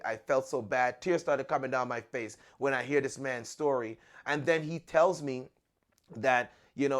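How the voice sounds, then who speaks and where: A man hosting a podcast, telling a personal story in an earnest, conversational way and often repeating words as he restarts. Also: medium pitch. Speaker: podcast host.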